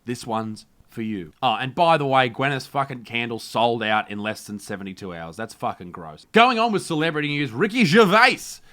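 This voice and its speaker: Australian male comedy host, mock-news rant, brash and crude, bright tense tone. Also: mid-range voice, big pitch swings, fairly quick, hardly any pauses. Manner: loud, brash and crude ranting.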